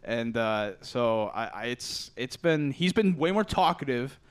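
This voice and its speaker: A man's voice: medium pitch, expressive, a little slow, clean tone, no room sound. A young man telling a story in a casual chat, laughing often, swearing and acting out quotes. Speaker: podcast co-host.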